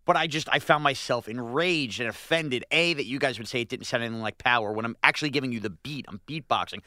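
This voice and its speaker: A man's voice: medium pitch, fast talker, sharp tone, no room sound, studio quality. A man co-hosting a sports radio show, complaining with indignant, rising outbursts. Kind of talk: animated sports radio banter.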